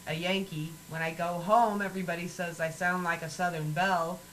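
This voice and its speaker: A woman's voice: on the low side, fairly even intonation, fairly quick, fairly bright tone, a little hiss or hum, rough recording. A woman from Missouri chatting casually as co-host, playful and jokey. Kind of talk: casual chat.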